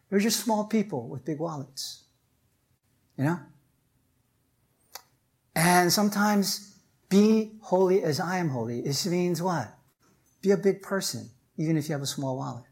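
A pastor delivers a sermon with a husky, slightly breathy voice that sits at a middling pitch. The delivery is chatty rather than formal, peppered with "right?" and "you know?" to draw the listeners in. When a point matters, the voice climbs higher and pushes harder. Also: unhurried, pauses often, darkish tone. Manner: conversational preaching with frequent "right?" and "you know?"; rises in pitch and force when stressing a point.

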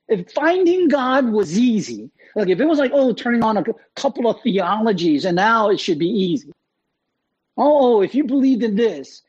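A man preaching a sermon in a conversational, animated way, often checking in with "right?". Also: sits high, breathy edge, dull audio. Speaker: pastor.

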